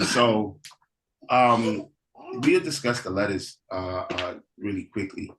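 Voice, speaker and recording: A man, a priest, teaching and telling a story in a relaxed, conversational way. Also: lowish voice, takes it slowly, background noise. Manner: relaxed, conversational, with frequent restarts.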